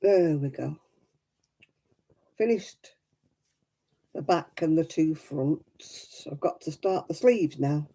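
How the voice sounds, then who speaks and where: A woman's voice: sits low, slow, pauses often, warm tone, low-quality recording. A woman hosting a casual crafting livestream, chatting to viewers by name in a self-deprecating way.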